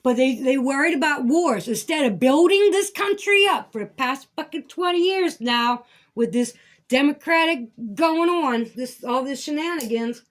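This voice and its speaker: A woman's voice: sits high, expressive, normal speed. A woman rambling through a casual vlog monologue, swearing and breaking into indignant outbursts. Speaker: vlogger.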